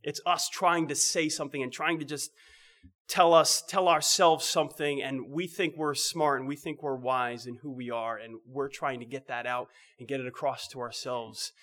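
A man's sermon unfolds conversationally at a moderate pace, his medium-pitched voice holding a steady tone. He poses rhetorical questions and becomes soft and quiet to underline key points.

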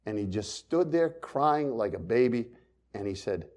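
A man pastor preaching a sermon, swinging between loud emphasis and quiet, hushed storytelling. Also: on the low side, lively intonation, moderate pace.

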